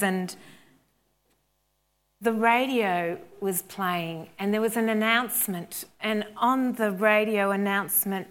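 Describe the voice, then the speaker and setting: A woman's voice: medium pitch, fairly bright tone. An Australian woman pastor preaching a sermon, telling a personal story in a chatty way and building into fervent appeals.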